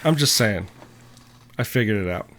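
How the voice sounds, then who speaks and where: A man's voice: lowish voice, expressive, normal speed, a bit bright. A man co-hosting a podcast in casual chat, with wry jokes and many short agreeing replies. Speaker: podcast co-host.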